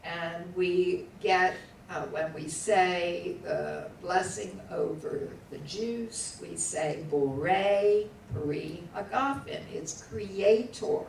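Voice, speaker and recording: Slow, patient woman teaching in an echoey room. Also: fairly low pitch, vocal fry, darkish tone. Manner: patient, drills words aloud syllable by syllable. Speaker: Hebrew teacher. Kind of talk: classroom lesson. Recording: echoey room, voice from far off, faint background hum.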